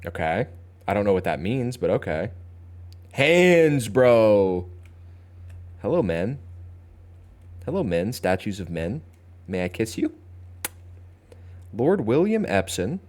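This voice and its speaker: A man's voice: on the low side, very animated, slow pace, long pauses, a little mellow. A young man streaming a puzzle game, thinking aloud, joking and talking back to his chat. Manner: chatty, talks to chat, thinks aloud, playful. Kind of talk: casual gameplay commentary. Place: home streaming setup.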